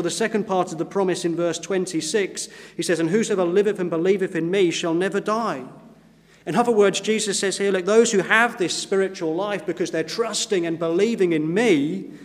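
A man preaching a sermon in an earnest style, slowing down whenever he quotes scripture. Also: high voice, long reverb tail. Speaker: pastor. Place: church.

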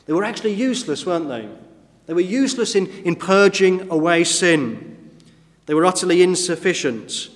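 A man preaching a sermon to a congregation, asking the listeners rhetorical questions and often adding tag questions. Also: on the high side. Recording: long hall reverb.

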